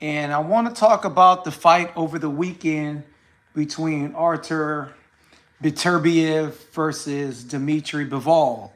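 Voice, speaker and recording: Brief: American man, casual boxing vlog host, chatty and repetitive, slow delivery. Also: fairly high pitch, fairly even intonation. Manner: chatty, repeats himself, tags lines with "okay?" and "right?". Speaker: boxing commentator, channel host.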